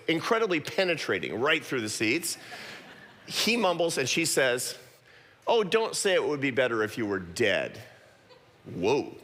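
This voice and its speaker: A middle-aged man giving a talk to an audience, telling a personal story with quick self-deprecating asides. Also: medium pitch, fairly bright tone. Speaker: guest speaker. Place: large church auditorium. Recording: long hall reverb.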